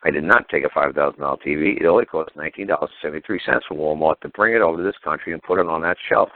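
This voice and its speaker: A man's voice: extremely low pitch, racing, dry recording. A man hosting a call-in radio show, telling stories in a blunt, heated, profane way. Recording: phone-like narrow audio.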